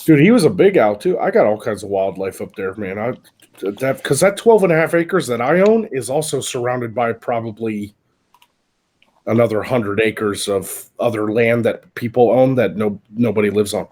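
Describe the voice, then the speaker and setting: A man hosting a live stream, chatting casually and telling animated, profanity-filled stories. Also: mid-range voice, normal speed. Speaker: stream host. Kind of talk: casual chat.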